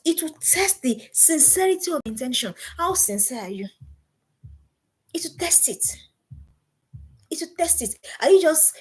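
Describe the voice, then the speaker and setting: Middle-aged female parenting coach, breathy and a touch high, insistent and repetitive in delivery. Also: a little mellow. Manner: emphatic, repeats key phrases as commands. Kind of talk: motivational seminar talk.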